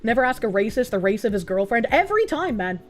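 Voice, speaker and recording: A woman's voice: mid-range voice, fast talker, faint music behind. A woman with a Boston accent, a streamer reading donation messages in casual chat with sarcastic, laughing asides. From United States.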